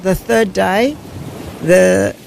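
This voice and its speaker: A woman's voice: medium pitch, fairly even intonation, very slow, gravelly, a little mellow, slight background noise. A woman guest on an interview show, vividly retelling her own survival story. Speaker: guest, author.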